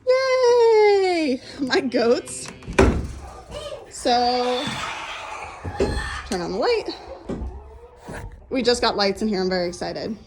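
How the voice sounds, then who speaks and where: A young woman with a slightly high voice walks through her farm chatting upbeat about her animals. She sounds a bit out of breath, recorded on a handheld phone with faint outdoor noise behind her. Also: slow pace, long pauses. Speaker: farm owner giving a tour. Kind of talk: casual walking tour vlog.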